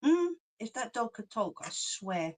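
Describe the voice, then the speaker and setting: A woman's voice: fairly high pitch, sing-song, a little slow. Chatty London woman on a livestream. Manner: chatty, laughs often, cheeky slang. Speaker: craft channel host. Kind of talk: casual livestream chat, reading comments.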